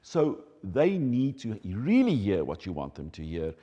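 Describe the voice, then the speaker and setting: A man with a low, mellow voice explains in an animated, emphatic way, his pitch rising and falling widely. A long reverb trails each phrase, as if he is speaking in a large hall. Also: measured pace. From South Africa. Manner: animated, emphatic teaching delivery. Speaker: educator on child development. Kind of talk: explanatory talk.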